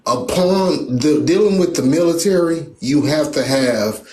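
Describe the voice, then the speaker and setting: A man talking in a casual debate, hesitant and halting, often restarting his sentences. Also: a little high, darkish tone, roomy sound.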